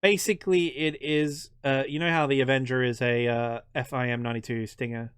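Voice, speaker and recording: An Australian man hosting a history channel, chatting casually in an interview, joking and self-deprecating with halting restarts. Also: mid-range voice, little pitch movement, fairly bright tone, clean tone, no echo, studio quality.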